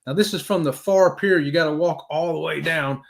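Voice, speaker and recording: Male stream host, fairly high voice, talkative, joking, shouting out viewers. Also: a little fast, creaky. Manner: chatty, jokey, greets viewers by name. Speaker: host of a live cruise chat stream. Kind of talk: casual live-stream chat.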